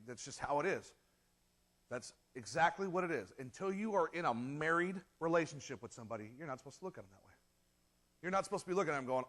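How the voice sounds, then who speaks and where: A man preaching a sermon in a conversational way, acting out quick quoted voices and laughing at his own jokes. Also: a little high, fairly bright tone. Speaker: pastor.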